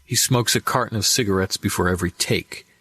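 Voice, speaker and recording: Brief: low-pitched man, voice actor guest, lively storyteller, dry close mic. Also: a little fast, slightly rough, no echo. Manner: animated anecdotes with acted-out quotes. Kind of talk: casual interview storytelling.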